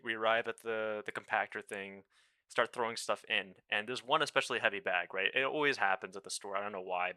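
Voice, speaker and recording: A young man spins a loose, casual story about his job, padding it with fillers and wry jokes at his own expense. His voice is sharp and bright and sits a little low. The recording is close and completely dry. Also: no echo. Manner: rambling, filler-heavy, wry self-deprecating. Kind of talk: casual anecdote monologue.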